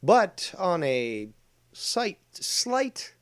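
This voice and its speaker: A man commenting on clips in a crude, blunt rant, loud at one moment and muttering low asides the next. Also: big pitch swings, extremely slow, smooth. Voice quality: profane and blunt, swings between loud rants and low asides.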